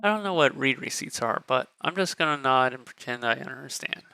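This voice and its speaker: A man's voice: mid-range voice, expressive, fairly quick, vocal fry, sharp tone, clean tone, no room sound, faint music behind. A male streamer reading a dating game aloud in a candid, joking way.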